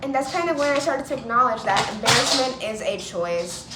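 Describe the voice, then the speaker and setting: A young woman with a fairly high voice tells stories to the camera in a loose, chatty way, dropping "like" into nearly every line. Her voice rings around an echoey room with steady background noise underneath. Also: a little fast. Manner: chatty, lots of "like", acts out quoted voices. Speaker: vlogger. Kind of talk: casual storytelling to camera.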